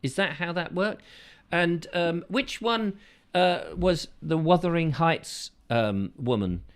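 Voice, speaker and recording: A man hosting a casual chat show, reading out viewer comments with playful, silly asides and sudden falsetto bursts. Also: lively intonation, slow, clean tone.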